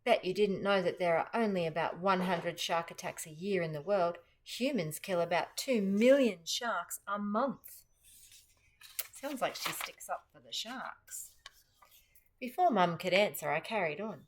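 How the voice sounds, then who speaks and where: A woman with an Australian accent reading a children's chapter book aloud with expressive, animated storytelling. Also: on the low side, moderate pace.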